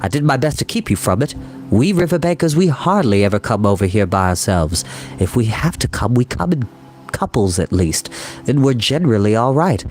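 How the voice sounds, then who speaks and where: A man voicing a calm, practical male water rat with a low, soothing voice. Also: moderate pace, close to an everyday voice.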